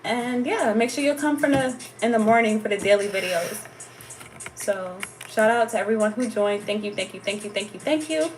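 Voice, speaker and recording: A woman's voice: a little high, animated, moderate pace, soft background music. An American woman hosting a livestream in a playful, slangy way, laughing often between remarks. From United States. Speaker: tarot channel host. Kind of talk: casual livestream chat.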